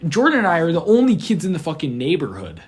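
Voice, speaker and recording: Excitable young man telling a story. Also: a little high, fast talker. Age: young adult. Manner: excitable, swearing, laughing, acting out quotes. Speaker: podcast guest. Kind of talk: casual storytelling.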